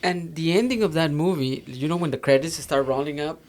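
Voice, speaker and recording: A man's voice: on the high side, brisk. A man with a Mexican accent chatting casually as a podcast co-host, rambling with many fillers and restarts. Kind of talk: casual chat.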